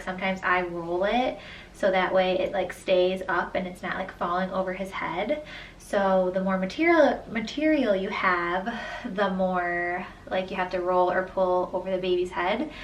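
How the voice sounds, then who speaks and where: A woman's voice: mid-range voice, fairly even intonation, normal speed, muffled recording. A young woman and new mother chatting casually about her outfits, with many "like" and "um" fillers. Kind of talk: casual outfit try-on chat. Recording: roomy echo, distant mic, faint room noise.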